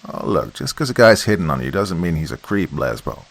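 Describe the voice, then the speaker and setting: A man's voice: deep voice, sing-song, fairly quick, vocal fry, full character voice. A man doing a brash, teasing young woman. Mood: mocking. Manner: brash, teasing, know-it-all.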